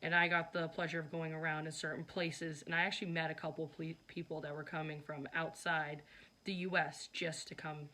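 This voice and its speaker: A woman's voice: low voice, little pitch movement, fairly quick, sharp tone. A young woman narrating her vlog in a chatty, casual way, with lots of fillers. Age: young adult. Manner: chatty, filler-heavy, teasing. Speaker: vlogger.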